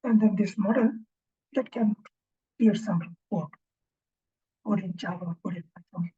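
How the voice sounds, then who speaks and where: Very husky-voiced woman lecturing. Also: medium pitch. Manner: halting, thinking aloud, often ends points with a questioning "right?". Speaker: instructor. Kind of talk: informal recorded lecture. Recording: dull lo-fi recording.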